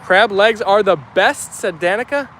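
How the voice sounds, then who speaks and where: A young man with a New York Italian accent chats brightly outdoors, his voice sitting high for a man. He reads comments aloud in an upbeat, easygoing way, full of little fillers. Faint traffic hums behind him. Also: unhurried. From New Jersey. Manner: chatty, upbeat, many fillers. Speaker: vlogger reading live chat. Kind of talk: casual chat reading comments aloud.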